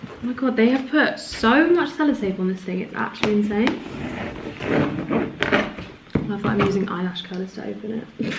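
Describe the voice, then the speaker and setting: A woman's voice: medium pitch, moderate pace, gravelly, pauses often, very noisy. Chatty woman in her twenties, echoey room. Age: 20s. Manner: chatty, excitable, at times hushed and emotional. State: has a headache. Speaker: vlogger. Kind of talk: casual vlog chat to camera. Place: home office room, indoors.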